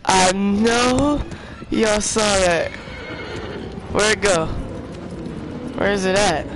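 A young man streaming a video game, chatting in slang and yelling at the game when things go wrong. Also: sits high, very slow. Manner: excitable, trash-talking slang, yells at the game. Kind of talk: casual gaming commentary. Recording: noisy game sound underneath.

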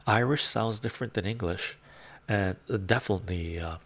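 A man hosting a casual live stream, soft-spoken and laid-back, reading chat, chuckling often and drifting into whispers. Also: fairly low pitch, normal speed. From Canada.

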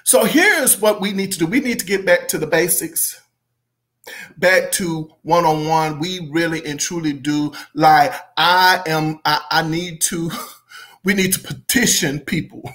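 A man's voice: on the high side, measured pace, a bit bright. A middle-aged man giving a casual opinion monologue about music, emphatic and repetitive, breaking into fits of laughter. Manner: emphatic, repeats phrases, bursts into helpless laughter. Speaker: music commentary host.

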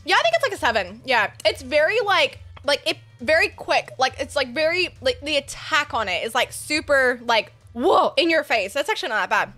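A young woman streaming a game while eating hot sauces, excitable, often squealing and laughing. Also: high voice, normal speed, few pauses. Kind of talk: gaming hot sauce challenge.

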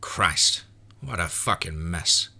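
A man voicing a gruff, profane frontier lawman in a horror story reading. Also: low-pitched, lively intonation, slow pace, sharp tone, full character voice. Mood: grim. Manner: blunt and cursing. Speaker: frontier marshal. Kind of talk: voiced character in horror narration.

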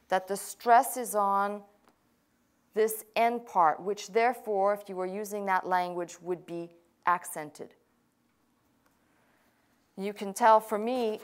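Woman pastor teaching step by step. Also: medium pitch. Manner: patient, explaining step by step with asides. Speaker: pastor teaching a language class. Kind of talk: classroom teaching.

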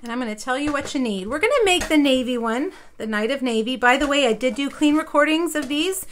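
Woman, high and bright, casual live craft demo host, rambly and friendly-paced. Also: a little fast, slight background noise. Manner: chatty, rambling, many fillers and asides. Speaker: papercraft demonstrator. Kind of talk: live craft tutorial chat.

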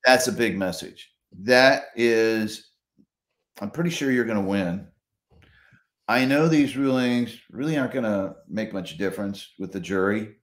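A man's voice: on the low side, measured pace. A man, a trial attorney, telling stories in a conversational interview, acting out what others said and laughing often. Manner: animated storyteller, acts out quotes, laughs often. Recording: roomy echo.

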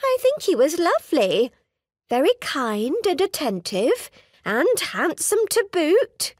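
A woman's voice: high-pitched, sing-song, takes it slowly, no room sound, studio quality, pitched above the performer's own voice, full character voice. A woman voicing a fond, chatty, genteel middle-aged mother in an audiobook, with fussy society chatter.

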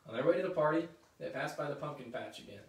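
A man's voice: fairly high pitch, quick pace, vocal fry, noisy background. Man reading a storybook aloud. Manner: lively, chatty asides between reading. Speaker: story reader. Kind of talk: reading a children's book aloud. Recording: roomy echo, mic at a distance.

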